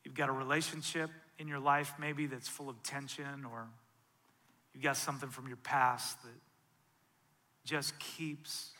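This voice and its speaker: A male pastor preaching a sermon, swinging from loud, intense passages to soft, hushed ones. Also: medium pitch, flat delivery, a little slow. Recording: long reverb of a large hall.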